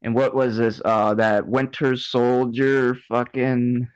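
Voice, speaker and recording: A man's voice: mid-range voice, flat delivery, slow, clean tone. A man on a podcast chatting in an offhand, rambling way, heard over a dull, lo-fi remote mic. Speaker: podcast regular. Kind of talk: casual chat.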